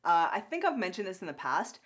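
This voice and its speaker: A young woman co-hosting a casual podcast, rambling and animated with lots of filler words. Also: fairly low pitch, a little fast. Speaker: podcast co-host reviewing a cartoon. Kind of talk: casual chat.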